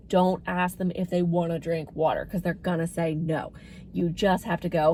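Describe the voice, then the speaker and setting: A woman's voice: fairly low pitch, fairly even intonation, moderate pace, mellow, slight background noise. A woman talking casually as a dementia care educator, chatty and lifting her voice when she acts out what people say. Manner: chatty, acts out quoted phrases in a lifted voice.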